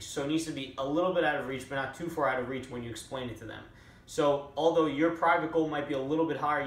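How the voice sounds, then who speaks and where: A man summarizing a book chapter in a casual talk, with many fillers and restarts. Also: a little high. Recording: echoey room, a little far from the mic.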